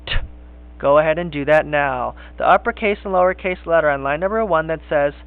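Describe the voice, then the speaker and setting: A man teaching a kindergarten phonics lesson, speaking slowly and encouragingly in sing-song teacher talk. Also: a little high, clean tone. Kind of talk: recorded classroom phonics lesson. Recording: tinny phone-like lo-fi sound.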